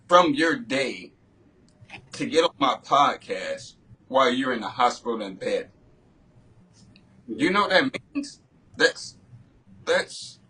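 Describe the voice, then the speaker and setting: Male podcast host, husky, easygoing, conversational coach type. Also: mid-range voice, pushed and bright, low-quality recording. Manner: laid-back, repeats "you know what I'm saying". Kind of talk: casual podcast interview.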